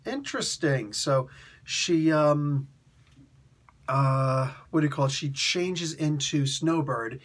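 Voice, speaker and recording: A man hosting a casual comic book review, rambling through the story with chuckles and quick voiced quotes. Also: fairly high pitch, steady tone, fairly bright tone.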